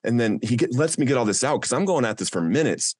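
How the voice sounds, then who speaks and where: A man's voice: medium pitch, lively intonation, fast talker, darkish tone, no echo, clean studio sound. A man, a podcast guest, telling his own recovery story in an earnest, heartfelt way.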